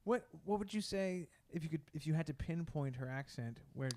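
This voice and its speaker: High-voiced, jokey man podcaster. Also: expressive, a little mellow. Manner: quick, joking, playful. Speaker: podcast co-host. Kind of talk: casual comedic podcast chat.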